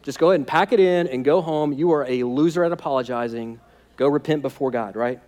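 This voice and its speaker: Dude preaching, chatty and jokey, slightly high voice, keeps going "right?". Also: male voice, brisk, darkish tone. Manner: conversational, humorous, keeps asking "right?". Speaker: pastor. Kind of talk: sermon.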